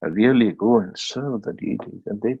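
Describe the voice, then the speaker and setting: A man giving a devotional scripture class, telling a story plainly with many pauses and restarts. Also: fairly low pitch, breathy edge, phone-quality sound.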